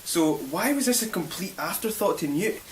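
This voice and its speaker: High-voiced Scottish man, sarcastic film rant. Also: lively intonation, moderate pace, distant mic. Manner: sarcastic, fires off rhetorical questions. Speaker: film reviewer. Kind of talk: spoiler film review monologue. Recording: faint hiss, voice set back from the mic.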